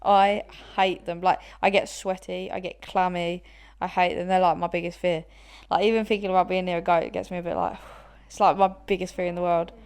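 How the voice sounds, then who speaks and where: A woman's voice: fairly low pitch, flat delivery, a little fast, darkish tone, smooth. A young woman in her twenties co-hosting a podcast, chatting casually and laughing often, with plenty of swearing. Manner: laughs a lot, swears freely. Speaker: podcast co-host. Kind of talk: casual chat.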